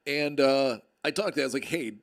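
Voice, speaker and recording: A man's voice: mid-range voice, quick pace. A man hosting a card break livestream, chatting casually and joking with viewers in a rambling way. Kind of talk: casual chat.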